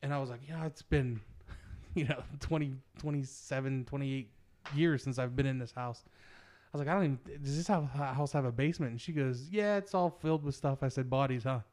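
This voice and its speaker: A man's voice: medium pitch, fairly even intonation, normal speed, a little mellow. Man, 30s, chatty storyteller in casual banter, laughs at own jokes. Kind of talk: casual chat.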